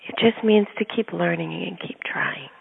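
Her voice is on the low side, creaky and slightly rough, at a moderate pace. This middle-aged autism advocate and parent chats casually and earnestly through personal stories, frequently laughing partway through sentences, on a tinny, phone-like recording with long reverb.

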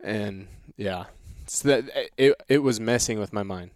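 A man's voice: lowish voice, no echo, studio quality. A man talking as a guest on a podcast, telling a long story in a rambling, casual way with many restarts. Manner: rambling, restarts often, drawn-out retelling. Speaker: guest hunter.

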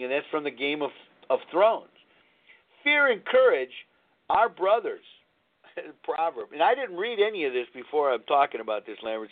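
A man in his sixties hosts a live talk radio show and tells blunt personal stories, often restarting his sentences. His voice sits fairly high for a man. The sound is thin and tinny, as if heard over a phone line. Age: 60s. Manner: candid, rambling storytelling with frequent restarts.

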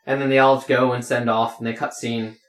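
A man's voice: medium pitch, flat delivery, a little fast. A man running a tabletop game as game master, rambling with many fillers. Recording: roomy echo.

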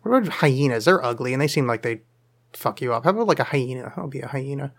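Leaning over to check the screen in his home studio, this podcast host talks quickly and expressively in a medium-pitched voice. Alone on a casual live show, he rambles through listener questions with jokes, self-deprecation and plenty of fillers.

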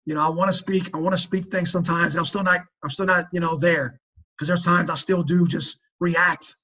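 A man's voice: high voice, fairly even intonation, fairly quick, bright, forceful tone, muffled recording. A man talking earnestly about fathering on a faith-based podcast, emphatic and preachy, often restarting his sentences. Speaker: father sharing parenting advice.

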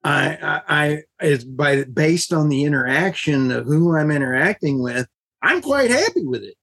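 Excitable rambling podcast host, husky voice. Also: female voice, sits low, moderate pace. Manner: excitable, rambling, laughs often. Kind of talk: casual podcast chat.

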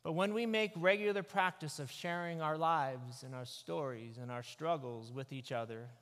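Forceful pastor preaching in an echoey hall. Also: male voice, a little high, moderate pace. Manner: animated, conversational preaching. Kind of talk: sermon. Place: church sanctuary. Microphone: microphone.

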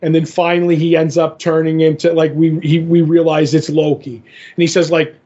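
A man's voice: on the high side, little pitch movement, moderate pace, mellow. A man co-hosting a podcast, rambling as he retells a comic book story and acts out the characters' lines. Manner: rambling retelling, acting out quotes. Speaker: podcast co-host. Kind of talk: casual comic book recap. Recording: dull lo-fi podcast audio.

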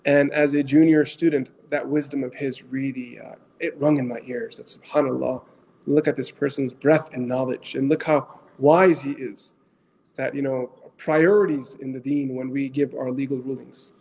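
A middle-aged man, an Islamic scholar with as his tongue, tells stories to an audience in an animated way, asks his listeners questions and mixes in phrases. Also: mid-range voice, moderate pace, slight background noise. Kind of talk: storytelling talk to an audience.

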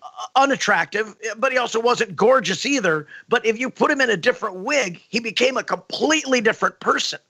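A man voice actor telling stories in casual podcast chat, with a distinctive prickly voice and animated asides. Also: very high voice, slightly rough. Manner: animated storyteller, quick asides.

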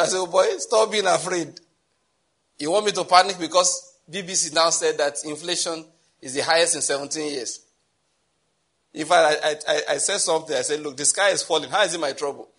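A Nigerian man preaching in a loose, conversational way, circling back on his phrases and chuckling as he goes. His voice sits a little high for a man, with a forceful, bright edge and a husky grain. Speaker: pastor. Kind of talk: sermon.

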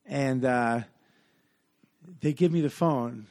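A man's voice: mid-range voice, slow pace, a little mellow. A man telling a long story in casual podcast chat, rambling with many fillers and acting out what people said.

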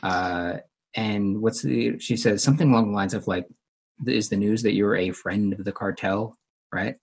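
A man's voice: on the low side, moderate pace, vocal fry, breathy edge. A man recapping and discussing a television episode with co-hosts in a casual chat, with frequent fillers.

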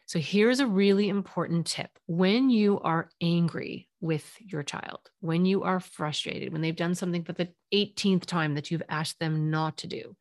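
On a solo parenting podcast, a female child and family therapist speaks in an earnest, conversational way, now and then acting out short quotes. Her voice is on the low side, and the studio-quality recording has no room sound.

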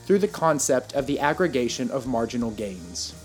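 A man hosting a podcast in casual chat, talkative and quick to laugh. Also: medium pitch, reverberant, soft background music. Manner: chatty, laughs easily, lively delivery. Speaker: podcast host.

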